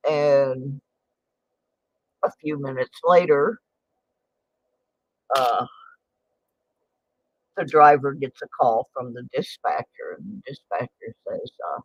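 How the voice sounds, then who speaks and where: A woman in her late sixties hosts a casual livestream, recounting a story with indignant exclamations. Her very deep voice has a breathy edge, and she talks slowly with frequent pauses. There's no room sound, and the stream audio is dull and lo-fi.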